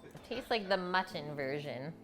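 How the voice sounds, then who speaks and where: A woman with a low voice hosts a relaxed live cooking stream from her home kitchen, talking through each step as she works. Faint music and the clink of dishes sit behind her. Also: normal speed. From Canada. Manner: chatty, explains cooking steps as she goes. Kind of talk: casual live cooking chat.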